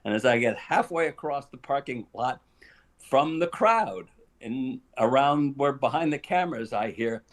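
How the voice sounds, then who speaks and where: An older man holds the floor as an interview guest, telling a behind-the-scenes story in an animated way. He chuckles often and acts out the lines people said. His voice sits at an everyday middle pitch. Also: unhurried. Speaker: guest actor.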